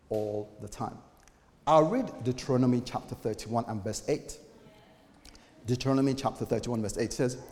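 A man's voice: mid-range voice, warm tone, long reverb tail. A man preaching a sermon as a pastor, speaking in a conversational way and acting out the voices of people he quotes.

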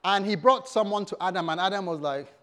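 A male pastor preaching a sermon in a church service, humorous and animated, calling out to the congregation. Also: high-pitched, brisk.

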